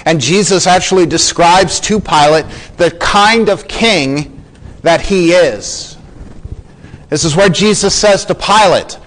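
A man's voice: high voice, slow, a bit bright, poor audio. A man preaching a sermon as a pastor, explaining scripture earnestly and acting out the quoted lines.

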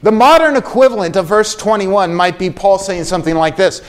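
Preaching to his flock in a high, clear tenor, a pastor delivers an earnest sermon at a brisk pace with few pauses. When he stresses a point, his voice rises and grows stronger.

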